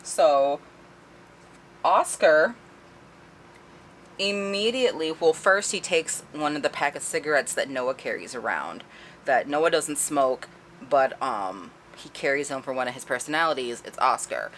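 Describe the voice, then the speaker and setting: Low-voiced woman recapping a book. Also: expressive, a little slow, fairly bright tone, slight background noise. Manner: chatty, profane, laughing as she retells. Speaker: book reviewer. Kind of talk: casual spoiler-filled book recap.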